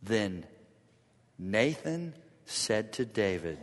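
Dramatic preacher with big swings in a hall. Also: male voice, on the low side, lively intonation, slow pace. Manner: dramatic swings from loud to hushed. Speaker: pastor. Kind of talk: sermon.

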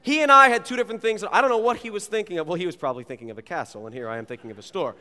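Man, youth pastor, higher voice, lively storytelling sermon, long hall reverb. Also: racing. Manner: animated, playful storyteller.

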